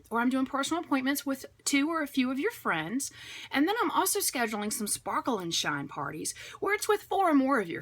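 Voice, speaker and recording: A woman coaching direct sellers in a chatty, upbeat way, acting out phone calls in a brighter voice. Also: mid-range voice. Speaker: direct sales trainer. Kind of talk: motivational sales coaching talk.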